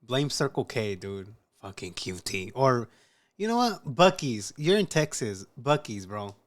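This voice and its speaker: Slow-talking man with lively, joking reactions. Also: mid-range voice. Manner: slow, profane, joking reactions mixing Spanish slang. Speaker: host. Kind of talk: casual podcast chat.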